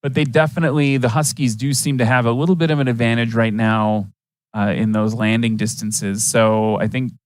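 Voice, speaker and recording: A man from Wisconsin calls a live flying event in a chatty, upbeat commentator style, tossing in folksy asides as he goes. His voice sits at an ordinary middle pitch, and the sound is dry and close, with little room around it. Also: steady tone, brisk, no echo.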